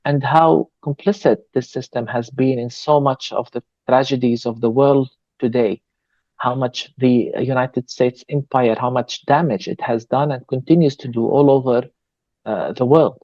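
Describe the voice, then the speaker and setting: A man, a pastor, answering an interview question in a measured, earnest way, pausing with fillers. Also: mid-range voice, a little mellow, no room sound, lo-fi sound. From Palestine. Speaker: pastor and guest.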